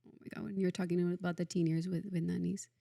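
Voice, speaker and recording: Soft-spoken woman, lower voice, dry sound. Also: flat delivery, fast, gravelly, no echo. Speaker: podcast guest, counselor. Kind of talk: casual conversation.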